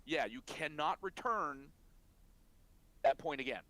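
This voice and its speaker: A man's voice: a little high, measured pace, sharp tone. Anime podcast cohost guy, thoughtful, jumps in with details, some stammering. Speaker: podcast co-host. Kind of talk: casual anime discussion.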